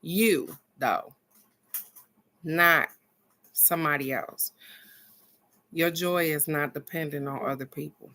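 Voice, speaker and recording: A middle-aged woman giving a casual motivational talk, animated and earnest, moving between excited bursts and soft encouragement. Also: deep voice, slow, pauses often. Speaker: spiritual card reader and vlog host.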